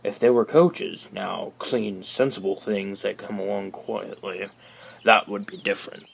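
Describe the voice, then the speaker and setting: A man voicing a big, proud, boastful male steam engine in a storybook reading, grumbling slowly when cross. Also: lowish voice, vocal fry, a little hiss or hum.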